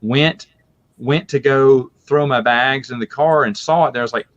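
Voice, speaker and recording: Man, podcast guest, casual chat, lively storytelling, laughs often, muffled lo-fi sound. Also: mid-range voice, normal speed. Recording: muffled lo-fi audio.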